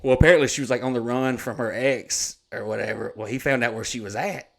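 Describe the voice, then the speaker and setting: A man's voice: mid-range voice, quick pace, gravelly. A man, telling stories in a rambling, profane, laid-back way as co-host of a casual chat. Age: 30s. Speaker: podcast co-host.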